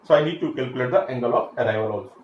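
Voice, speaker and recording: A man's voice: medium pitch, racing, a little mellow, muffled recording. A man teaching a classroom lecture, explaining step by step with frequent fillers and restarts. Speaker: engineering lecturer. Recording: echoey room, faint background hiss.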